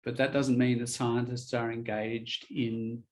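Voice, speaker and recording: A man teaching English in a relaxed one-on-one lesson, explaining ideas patiently and spelling words out. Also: medium pitch, unhurried, poor audio.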